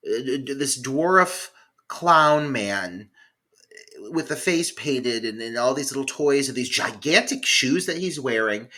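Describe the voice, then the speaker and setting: Man, podcast co-host, casual film chat, bright tense tone, animated swings in pitch. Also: measured pace. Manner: rambling, profane, heavy with "like" fillers.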